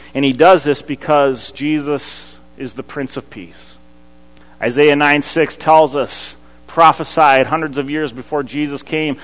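A pastor, preaching a sermon that swings from loud to hushed. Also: male voice, medium pitch. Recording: long hall reverb.

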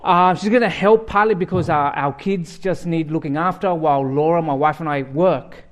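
A man's voice: a little high, normal speed. A man with an Australian accent, a guest pastor giving a sermon in a joking, conversational way.

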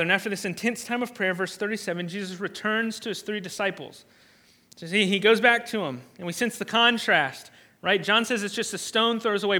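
A man delivers a sermon from the pulpit with a high, bright voice. He preaches in an earnest, emphatic way, often repeating a word as he restarts a phrase. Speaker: pastor.

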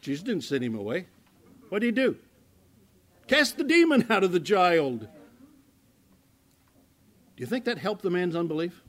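A male pastor delivers sermon-style Bible teaching with a voice that sits a little higher than most men's. He talks conversationally and restarts his words often. He swings from loud emphasis to hushed, quiet asides. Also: big pitch swings, normal speed, pauses often.

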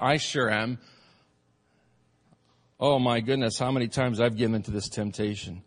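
Preaching pastor in a reverberant hall. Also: male voice, mid-range voice, fairly even intonation, moderate pace, long pauses. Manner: preaching, swings from shouted peaks to soft asides. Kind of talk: sermon.

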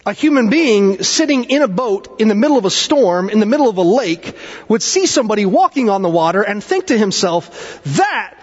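Man preaching a sermon, high husky voice, dull echoing hall sound. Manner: dramatic swings in pitch and pace, conversational asides. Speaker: pastor.

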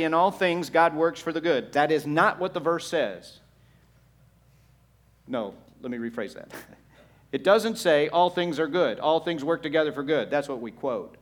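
A male pastor preaches a sermon, shifting between quiet, low passages and loud, emphatic ones while posing rhetorical questions to the congregation.

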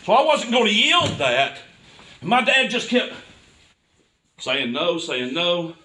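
A man's voice: high voice, big pitch swings, slow, bright, forceful tone, recorded from a distance. A man, preaching a personal testimony with impassioned storytelling that builds to fervent cries. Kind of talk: sermon testimony.

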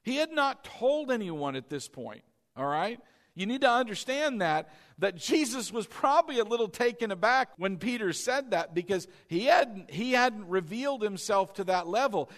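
A man's voice: high-pitched, animated, normal speed, a bit bright, big-room sound. A man preaching a sermon to his congregation as pastor, emphatic, repeating key lines and quizzing the crowd. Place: church sanctuary.

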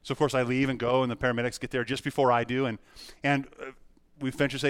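A man's voice: medium pitch, steady tone, fast, clear, resonant tone, dry recording. Earnest man preaching a sermon. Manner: personal, earnest storytelling with many restarts. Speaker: pastor.

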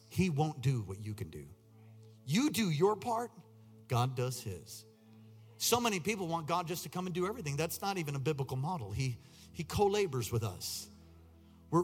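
A male pastor preaching a sermon, exhorting the congregation and rising to loud, urgent peaks. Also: on the high side, husky. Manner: exhorting, repeats lines, rises to near-shouted peaks. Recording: long hall reverb, faint music behind.

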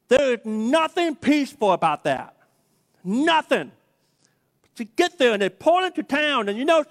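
A man preaching a sermon, retelling a story in a lively, humorous way and acting out the quotes. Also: very high-pitched. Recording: long reverb of a large hall.

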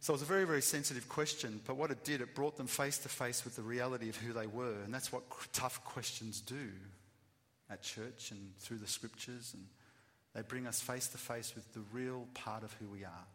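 A man giving a sermon, emphatic, swinging between loud bursts and quiet asides. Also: medium pitch, fairly even intonation, fairly quick. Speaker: preacher. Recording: long reverb of a hall.

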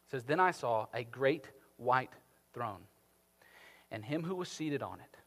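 A man preaching a sermon, animated, swinging from emphatic peaks down to soft, quiet lines. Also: mid-range voice, unhurried. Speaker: pastor. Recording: long hall reverb.

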